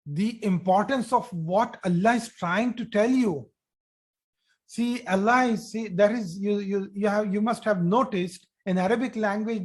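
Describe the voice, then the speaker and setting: A man teaching an online Arabic lesson, repeating key phrases, often checking in with "okay" and restarting his sentences. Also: high-pitched. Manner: repeats phrases slowly for emphasis, addresses students directly.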